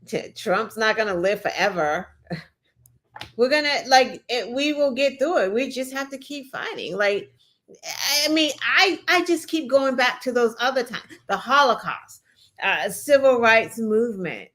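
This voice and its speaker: A woman's voice: fairly high pitch, animated, a little slow, a bit bright. A woman co-hosting a casual political chat show, talking emphatically and swearing freely, with lots of "like" and "you know". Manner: emphatic, profane, with many "like" and "you know" fillers. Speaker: co-host.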